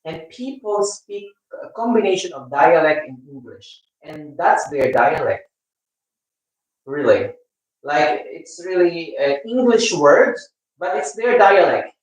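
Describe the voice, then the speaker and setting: A man's voice: fairly high pitch, lively intonation, highs cut off. Filipino man in a very echoey room. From Philippines. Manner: rambling, halting, with many restarts. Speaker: live stream host. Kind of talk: casual live-stream chat with viewers. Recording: echoey room, mic at a distance.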